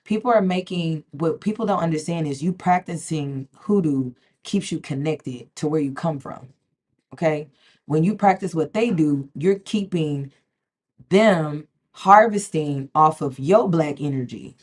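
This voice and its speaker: A woman, talking casually and emphatically to camera as a spiritual vlogger, repeating herself and often asking "okay?". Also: sits low. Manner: emphatic, repeats words, keeps checking in with "okay?". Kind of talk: casual direct-to-camera talk.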